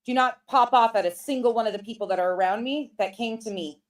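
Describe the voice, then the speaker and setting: A woman's voice: fairly high pitch, fast talker. An angry woman ranting with heavy swearing and hard emphasis on a livestream. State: pissed off. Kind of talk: heated livestream commentary.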